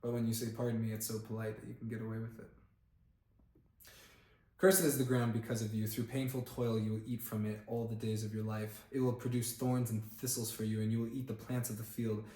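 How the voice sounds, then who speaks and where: A man reading a Bible chapter aloud on camera, pausing now and then to look up words and comment in a casual way. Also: on the low side, little pitch movement, dark tone. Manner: reads aloud with plain emphasis, stops to look up words and comment. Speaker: Bible reader and channel host. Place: indoor room, filmed on camera. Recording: echoey room.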